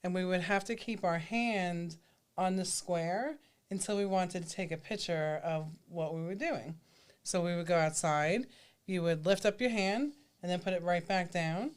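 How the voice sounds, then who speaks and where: A woman's voice: lowish voice, moderate pace, smooth. A woman co-hosting a casual live stream, chatty and telling a childhood story. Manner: chatty, laughs easily, tells stories. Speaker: livestream co-host.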